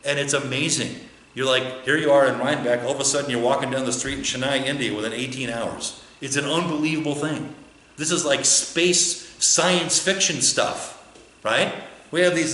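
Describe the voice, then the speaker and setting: A man's voice: fairly high pitch, a bit bright. A male pastor preaching a conversational sermon, full of rhetorical questions. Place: church. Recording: echoey church sanctuary.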